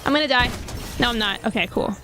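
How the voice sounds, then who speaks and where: High-voiced chatty woman streamer. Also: fast, bright, forceful tone, slight background noise. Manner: chatty, rambling, self-deprecating. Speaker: game streamer. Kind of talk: casual gaming stream chat.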